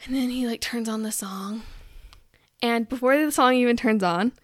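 High-voiced chatty young woman ranting. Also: normal speed, no echo, studio quality. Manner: chatty and ranting, many filler likes, acts out quotes. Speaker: vlogger. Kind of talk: casual chat to camera.

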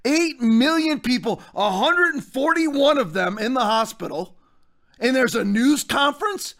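A man's voice: very high voice, bright, forceful tone. A man who is a pastor and hosts a podcast, delivering fired-up, ranting commentary in a preacher-like way.

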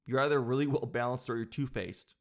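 A man vlogging casually, reacting to an internet article in a jokey, excitable way and calling the audience "dude". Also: medium pitch, brisk. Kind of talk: casual chat reading an article aloud.

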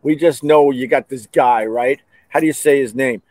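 A man's voice: medium pitch, normal speed, a little mellow, no echo. American guy hosting a podcast, rambly and sarcastic, medium voice, dry sound. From United States. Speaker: podcast host. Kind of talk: casual chat.

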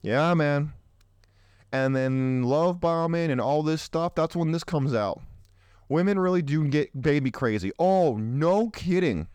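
A young man with a smooth, fairly high voice talks bluntly through a list on dating, throwing out provocative opinions as a show host. The sound is dry and close, with no room around it. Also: lively intonation, unhurried, a little mellow, no echo. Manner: blunt, provocative, slips into mocking voices for others. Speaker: podcast host. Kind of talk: opinionated commentary reading a list.

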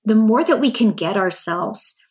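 A woman's voice: medium pitch, moderate pace. A woman hosting a solo podcast, talking candidly and acting out the voices in her head. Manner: candid, animated, acts out quoted inner voices. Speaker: podcast host. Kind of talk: casual solo podcast monologue.

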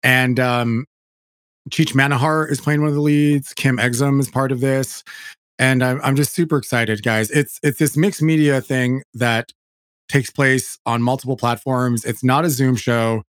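A man hosting a podcast, talking in an animated, chatty way that keeps breaking off and restarting. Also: mid-range voice, a little slow, no room sound, clean studio sound. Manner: animated, self-interrupting, chatty. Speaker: podcast host. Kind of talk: casual chat.

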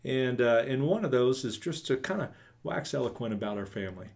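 A man's voice: mid-range voice, animated, fairly quick, gravelly, darkish tone. Dry-humored male pastor podcaster. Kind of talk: casual chat.

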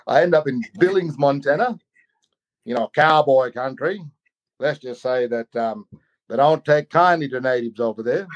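A man recounting a personal story over a video call, rambling, repeating words and leaning on fillers. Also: medium pitch. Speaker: guest. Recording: slightly muffled video call audio.

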